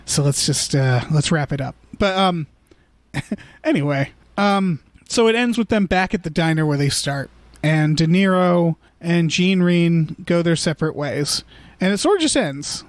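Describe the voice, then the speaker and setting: A man with a notably high speaking voice talks loosely through a movie, stumbling into restarts and slipping into mock voices for quotes. The sound is dry and close, with no room around it. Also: animated, measured pace, no room sound. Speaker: podcast co-host. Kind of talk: casual movie discussion.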